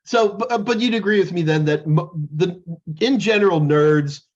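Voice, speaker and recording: Higher-voiced man, jokey rambling host. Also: moderate pace, highs cut off. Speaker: podcast co-host. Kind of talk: casual chat.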